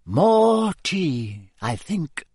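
A man's voice: high voice, sing-song, a little mellow, breathy edge, dry recording, clean studio sound, pitched above the performer's own voice, exaggerated voice. Dumbledore, a serene kindly old headmaster, as a man voices him. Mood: pleasant. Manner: pleasant, slow and measured.

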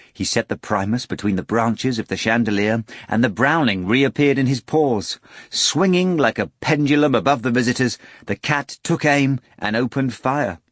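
A man reading a novel aloud as an audiobook narrator, expressive and ready to switch into character voices. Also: mid-range voice, slightly rough, dry recording, clean studio sound. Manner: expressive storytelling with many voices.

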